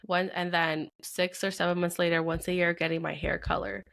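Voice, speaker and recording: A young woman co-hosting a casual podcast chat, telling lively stories and mimicking her husband with frequent laughs. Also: fairly low pitch, a little fast, gravelly. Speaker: podcast co-host.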